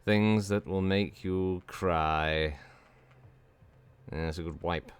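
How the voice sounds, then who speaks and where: Low, smooth-voiced man rambling through a game. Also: fairly even intonation, takes it slowly. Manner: rambling, repeats "yes" and "good" a lot; dry self-mocking humour. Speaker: game streamer. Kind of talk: casual gameplay stream commentary.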